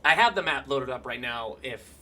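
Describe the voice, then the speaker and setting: A man running a tabletop game as game master, in a relaxed, rambling way with lots of fillers. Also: medium pitch, moderate pace.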